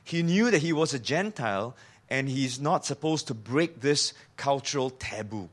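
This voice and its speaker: A man with a medium-pitched, animated voice preaches a sermon at normal speed in a conversational style. He poses questions to his listeners and acts out quoted lines in shifting voices.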